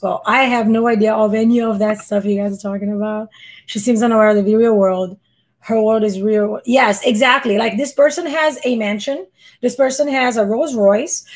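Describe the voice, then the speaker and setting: A reaction streamer with a squeaky yet darkish-toned voice gives casual live commentary. She sounds exasperated and rambles, often restarting her sentences.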